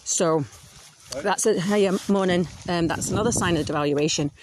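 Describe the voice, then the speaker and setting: A woman's voice: fairly low pitch, moderate pace, background noise. A woman hosting a podcast, talking frankly in a casual monologue and swearing freely. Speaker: podcast host.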